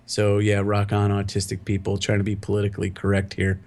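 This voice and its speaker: A man's voice: on the low side, completely flat delivery, fairly quick, darkish tone. Giggly rambling male podcast co-host. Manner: laughs often, rambling with fillers. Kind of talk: casual chat.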